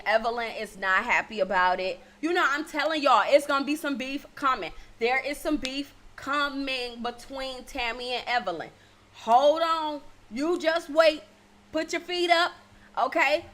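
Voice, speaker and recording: Sassy, profane high-voiced woman. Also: a bit bright. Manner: sassy, blunt and profane, laughs often. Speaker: TV show reviewer. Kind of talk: casual recap vlog.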